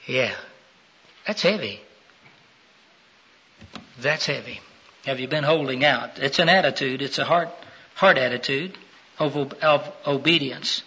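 Raspy bright-voiced male preacher, lo-fi. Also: medium pitch, unhurried, long pauses. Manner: calls out questions to the congregation, rising to loud emphatic peaks. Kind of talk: sermon. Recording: dull lo-fi sound.

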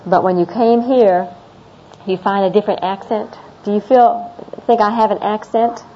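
Speaking at normal speed with a steady, medium-pitched voice, a middle-aged teacher chats to international students about American customs of daily life. She rambles somewhat, repeats herself and laughs at her own tales, captured in a dull, lo-fi recording with faint classroom noise.

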